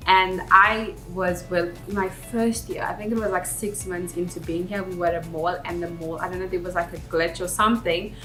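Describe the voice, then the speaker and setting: A woman's voice: mid-range voice, sharp tone. A young South African woman with a South African accent, talking candidly and reflectively in a chatty vlog. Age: young adult. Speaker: vlogger. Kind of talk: casual vlog talk. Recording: roomy echo, faint background music.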